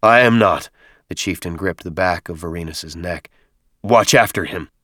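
A man voicing a proud, gruff alien male chieftain who growls and barks his words. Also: sits low, moderate pace, pushed and bright, no room sound, studio quality. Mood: curt. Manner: growling, barking commands.

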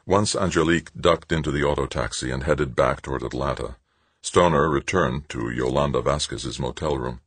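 Deep, husky male audiobook narrator, measured and dry. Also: dry recording. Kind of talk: scripted narration.

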